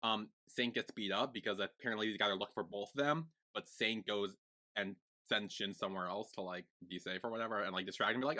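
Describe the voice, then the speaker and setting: A man co-hosting a podcast, recapping a TV series in casual chat, rambling and excitable with lots of fillers. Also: lowish voice, brisk. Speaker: podcast co-host.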